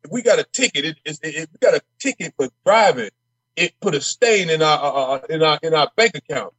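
A man's voice: on the high side, lively intonation, a little fast, a bit bright, slightly rough, no room sound. A man speaking as a state legislator guest in an interview, emphatic and fiery, repeating words as he heats up. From Minnesota. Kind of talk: passionate interview talk.

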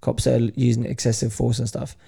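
A man's voice: mid-range voice, flat delivery, brisk, vocal fry, warm tone, slightly rough. A man, chatting casually and acting out both sides of an anecdote. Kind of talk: casual chat.

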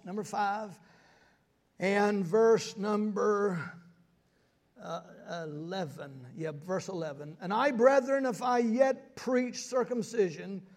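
An older man preaching a sermon, moving between quiet asides and sudden high, shouted emphasis.

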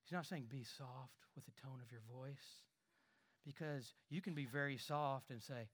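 A man preaching a sermon, animated, with repeated words, quiet asides and loud emphatic lines. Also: medium pitch, normal speed, slight background noise. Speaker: pastor.

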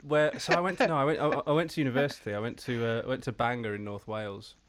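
A man's voice: medium pitch, steady tone, fairly bright tone. Chatty man with a Black Country accent. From Black Country, England. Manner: halting, many restarts and fillers, laughs easily. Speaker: comedian and storyteller guest. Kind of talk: casual podcast chat.

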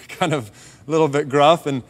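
A man telling a personal faith story in a relaxed, conversational sermon, dropping softer on key points. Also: a little high, moderate pace. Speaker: preacher sharing a testimony. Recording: long hall reverb.

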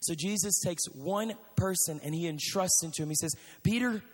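A man preaching a sermon to a young audience, animated and emphatic, often speaking straight to the crowd. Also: on the high side, moderate pace, breathy edge. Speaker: youth preacher. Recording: reverberant hall with faint music.

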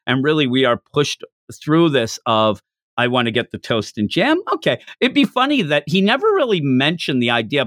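A man hosting a podcast, chatting casually and excitably about a comic chapter. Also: medium pitch, no echo, clean studio sound. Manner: excitable, jumps into quoted voices. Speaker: podcast host reviewing manga. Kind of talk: casual review chat.

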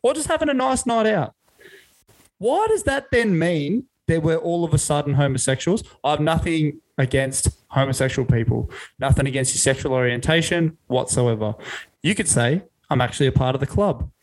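A man's voice: on the high side, animated, moderate pace, rough recording. A young Australian man co-hosting a sports podcast, ranting and joking in laid-back casual chat. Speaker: podcast co-host.

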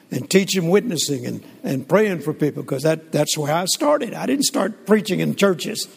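Older guy preaching, gravelly and highish, big hall echo. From Southern United States. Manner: folksy, animated storyteller with many restarts. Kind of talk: sermon storytelling. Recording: long hall reverb.

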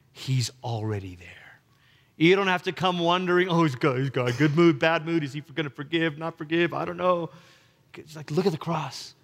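A man preaching in a relaxed, chatty way, his fairly high voice carrying a long reverb through a large church hall. He acts out short quoted lines softly and tenderly, then returns to plain talk. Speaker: pastor. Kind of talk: sermon.

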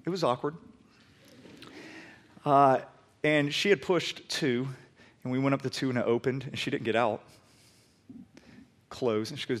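A man preaching a sermon in a church, shifting between loud pleading emphasis and relaxed storytelling. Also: mid-range voice, normal speed, pauses often. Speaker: pastor. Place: church sanctuary.

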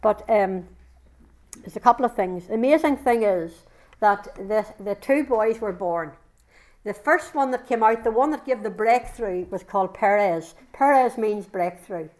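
A middle-aged woman preaches her testimony to a women's gathering. She speaks earnestly and fervently at an ordinary pitch, often stopping and restarting her sentences. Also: measured pace, darkish tone. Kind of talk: testimony sermon.

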